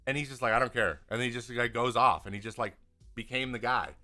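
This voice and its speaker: Bright-voiced man chatting casually on a stream. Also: mid-range voice, fast, soft background music. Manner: rambling, restarts often, animated when venting. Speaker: podcast host answering viewer questions. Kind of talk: casual live chat.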